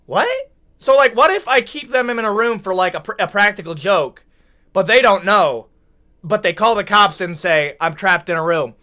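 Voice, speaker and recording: A man's voice: high-pitched, normal speed. A young American man ranting and joking in casual commentary, full of slang and mock outrage. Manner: animated, joking, rants with slang like "brother, what?". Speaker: video commentator.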